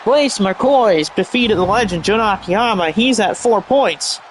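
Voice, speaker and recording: A man calling a wrestling match play by play, energetic and shouting at big moves, often tripping over move names and correcting himself. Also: high voice, a little slow, slight background noise. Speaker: play-by-play commentator. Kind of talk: excited play-by-play commentary.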